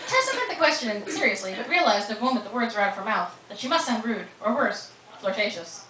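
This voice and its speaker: A woman's voice: on the high side, big pitch swings, fast, hardly any pauses, very noisy. A woman reading her own novel aloud at a live bookstore event, narrating expressively and with animation. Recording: roomy, distant live reading.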